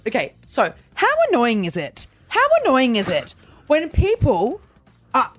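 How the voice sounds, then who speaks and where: A woman's voice: fairly high pitch, huge pitch swings, measured pace, no echo, faint music behind. A woman, co-hosting a podcast and ranting in exasperation, acting out little quoted exchanges. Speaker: podcast co-host. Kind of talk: ranting casual chat.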